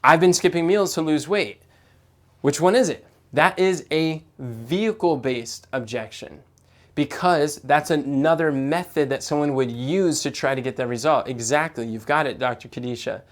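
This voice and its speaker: A man's voice: mid-range voice, moderate pace. A man teaching sales technique in a live coaching talk. He stumbles and repeats words, and he acts out client dialogue.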